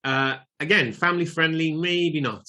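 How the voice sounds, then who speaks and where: A man's voice: fairly high pitch, normal speed, sharp tone. A man in his forties co-hosting a podcast, chatting casually with restarts and the odd swear. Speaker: podcast co-host. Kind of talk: casual chat.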